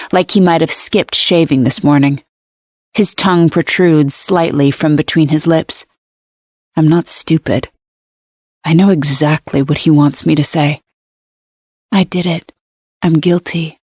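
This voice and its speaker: A woman reading a first-person thriller audiobook in a measured, wry manner on a close studio mic. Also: low voice, a little mellow, no room sound. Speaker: audiobook narrator.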